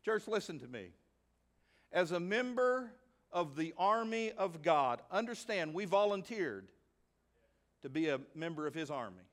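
A pastor preaches a sermon in a high, fairly bright voice. He is emphatic and fills his delivery with rhetorical questions to the congregation.

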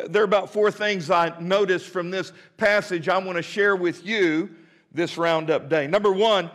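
A man preaching a sermon as pastor, telling a folksy story and repeating key words for emphasis, slowing down on important lines and talking straight to his congregation. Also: sits high, a bit bright. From United States. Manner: folksy, talks to the congregation directly.

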